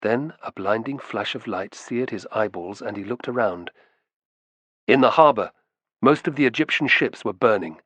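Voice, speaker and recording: A man narrating a historical novel in an expressive storytelling style. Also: lowish voice, moderate pace, no echo. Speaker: audiobook narrator. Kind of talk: scripted narration.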